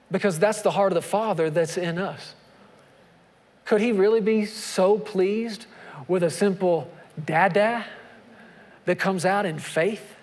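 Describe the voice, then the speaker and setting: A man preaching a sermon as a pastor, animated, swinging from quiet to shouted emphasis with long drawn-out phrases. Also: high-pitched. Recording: long reverb of a large hall.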